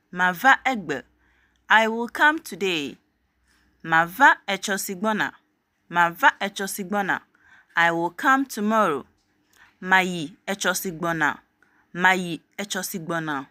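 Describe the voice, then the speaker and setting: A woman's voice: lowish voice, bright, forceful tone, no echo, clean studio sound. A woman teaching a language, saying each short phrase twice and then giving its meaning. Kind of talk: slow phrase-by-phrase language drill.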